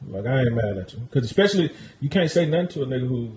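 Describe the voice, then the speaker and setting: A man's voice: medium pitch, big pitch swings, fast, darkish tone, slight background noise, low-quality recording. A man co-hosting a podcast in a casual group chat, joking and slangy. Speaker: podcast co-host.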